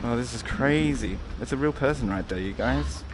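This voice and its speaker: Excitable man streaming games. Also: mid-range voice, moderate pace, background noise. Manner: excitable, rambling, swears freely, jumps to loud outbursts. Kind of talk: live gameplay commentary talking to chat.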